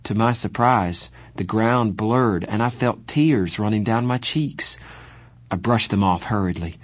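A man narrating a first-person novel as an audiobook, reading in a steady, measured way. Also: fairly low pitch, dry recording.

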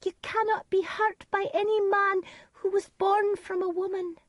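Woman putting on a high eerie ghost child. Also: little pitch movement, a little slow, no echo, lo-fi sound.

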